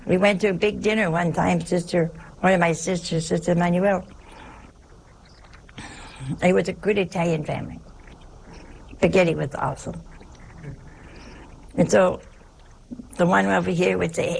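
A woman's voice: lowish voice, steady tone, moderate pace, creaky, pauses often, darkish tone, slight background noise. A woman, a religious sister, giving a sermon in an emphatic way, posing rhetorical questions and dropping at times into a whisper.

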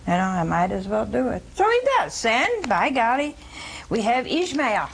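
A woman's voice: a little high, sing-song, normal speed, gravelly, slight background noise, rough recording. A woman preaching a sermon, telling the story in a folksy way and putting questions to the listeners.

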